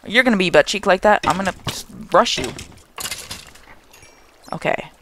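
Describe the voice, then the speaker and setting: A young man hosting a gaming channel, giving jokey, excitable let's play commentary and talking to the game's monsters. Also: high voice, normal speed, a little hiss or hum.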